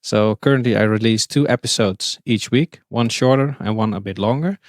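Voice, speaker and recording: A man's voice: on the low side, moderate pace, no room sound, studio quality. Dutch man talking with many fillers. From Netherlands. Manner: hesitant, many uh fillers and restarts. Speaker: podcast guest. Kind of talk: casual interview chat.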